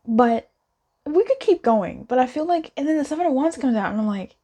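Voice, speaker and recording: A woman's voice: fairly high pitch, expressive, fast talker, mellow. A woman giving a casual pick-a-card tarot reading in a playful, chatty way, joking aloud with spirit as she goes.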